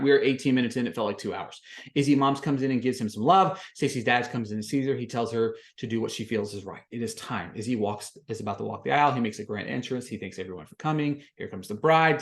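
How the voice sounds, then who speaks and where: A man hosting a podcast, recapping a reality show in casual commentary, swinging from flat summary to loud exasperated rants. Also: fairly low pitch. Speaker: podcast host.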